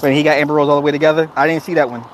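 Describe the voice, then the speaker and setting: A man giving casual livestream commentary, animated and laughing often, swearing freely and restarting his sentences. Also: a little high, racing, slight background noise. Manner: frequent restarts and repeated words. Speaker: streamer reacting to viewer comments.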